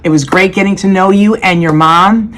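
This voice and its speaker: A woman's voice: mid-range voice, normal speed, a bit bright, slight background noise. A woman teacher giving heartfelt praise to her graduates over a video call. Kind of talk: speech to graduates.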